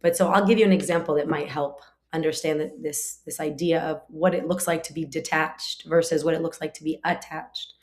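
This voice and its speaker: Low-voiced woman teaching casually. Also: steady tone, a little fast. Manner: conversational, frequent 'like' fillers; explains through everyday family examples. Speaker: spiritual teacher. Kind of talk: casual scripture class.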